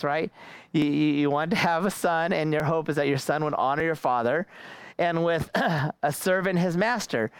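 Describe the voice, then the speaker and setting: High, smooth-voiced young preacher. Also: male voice, no room sound. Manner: casual, repeats words, laughs between phrases. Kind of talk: sermon.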